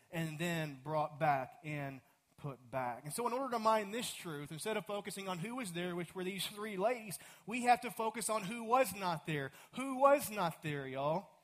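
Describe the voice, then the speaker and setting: A man with a Texan accent preaching a sermon as a pastor, swinging from loud emphatic lines to hushed, slow, drawn-out words. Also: on the high side.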